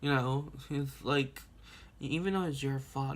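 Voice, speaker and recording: A young man tells a story straight to camera in an easy, rambling way. He laughs often and swears freely, with a voice pitched in the middle for a man. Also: normal speed. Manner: rambling and animated, laughing and cursing at his own story. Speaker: vlogger. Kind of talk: casual storytime vlog.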